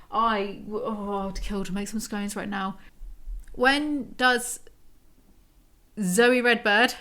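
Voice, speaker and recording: A woman's voice: medium pitch, fairly bright tone. A woman in her twenties doing a comedic book breakdown, reading passages aloud and adding sarcastic, self-mocking asides. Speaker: book reviewer.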